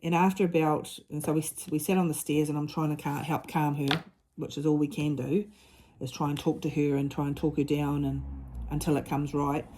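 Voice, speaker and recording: Woman, middle-aged, low voice, casual vlog chat, earnest, halting, frequent restarts. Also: level tone, warm tone, slight background noise. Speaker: mother and diamond-painting vlogger.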